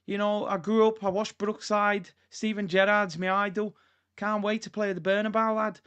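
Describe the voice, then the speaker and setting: A man's voice: high voice, level tone, moderate pace, a bit bright, clear, resonant tone. A man putting on a put-on Scouse accent to play a cheerful young male footballer in a mocking impression. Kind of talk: mocking impression on a live stream.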